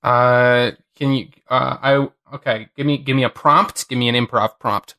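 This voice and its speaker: A man's voice: mid-range voice, fairly even intonation, moderate pace, bright, forceful tone. A man co-hosting a podcast in casual chat, teasing his partner with dry jokes. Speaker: podcast co-host.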